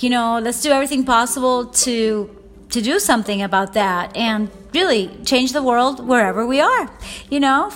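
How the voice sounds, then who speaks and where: A woman's voice: on the high side, a bit bright. A woman fitness coach talking emotionally and rambling in a casual vlog, laughing often, recorded on a phone without a mic. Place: at home, Eastern US time. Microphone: phone without external mic.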